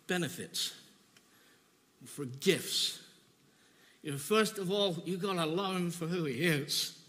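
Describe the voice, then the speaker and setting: A man preaching a sermon, telling his own testimony earnestly and emotionally, with halting repeats. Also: high-pitched, fairly bright tone, in a large hall.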